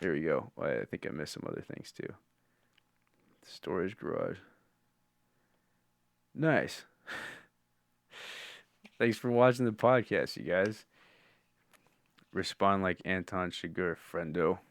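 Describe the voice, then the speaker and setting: A man with a lowish voice hosts a live-streamed podcast in a loose, rambling chat. He swears freely and laughs often. The sound is dry and close. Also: expressive, slow, creaky, pauses often, dry recording. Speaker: podcast host.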